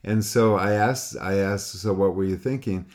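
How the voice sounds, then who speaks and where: A man with a low voice explains painting to a student over a call. He talks loosely and rambles, repeating words and acting out student replies in other voices. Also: moderate pace, a little mellow. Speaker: painting teacher. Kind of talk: casual one-on-one critique talk.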